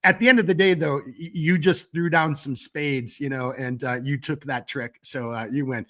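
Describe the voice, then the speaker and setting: A man with a slightly higher voice who is getting over a cold. He hosts a casual live stream, chatting loosely and working through viewer comments. His talk rambles, with lots of "you know" and "like" and the odd curse word. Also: fairly even intonation, moderate pace, sharp tone. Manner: rambling, loose and chatty, with frequent fillers and mild cursing. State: fighting a cold. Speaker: gear company owner hosting a live stream.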